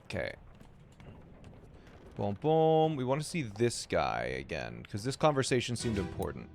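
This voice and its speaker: A man streaming a puzzle game, thinking aloud in live commentary, excited and quick to repeat himself. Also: fairly low pitch, gravelly, faint music behind.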